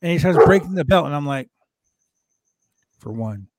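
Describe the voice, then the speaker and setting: A man hosting a casual wrestling recap show, talking in an animated, profane way and acting out quotes from the show. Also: a little high, moderate pace, heavy background noise. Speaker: podcast host recapping wrestling.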